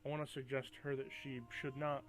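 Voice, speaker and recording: A man's voice: medium pitch, little pitch movement, brisk, faint music behind. A man taking part as a player in a tabletop game, switching between plain talk and a formal character voice. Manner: puts on a formal in-character way of speaking.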